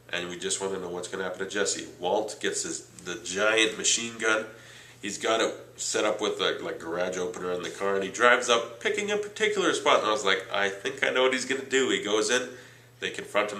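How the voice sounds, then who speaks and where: A man reviewing a TV series in casual chat, retelling the plot excitedly and saying "like" a lot. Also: on the low side, reverberant, low-quality recording. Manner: chatty, excitable recapping with lots of "like". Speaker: TV show reviewer.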